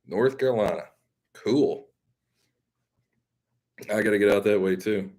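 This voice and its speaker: A man from Mississippi with a Southern accent hosts a live stream, chatting casually with viewers. His lowish, slightly mellow voice moves unhurriedly as he rambles in a folksy, self-deprecating way.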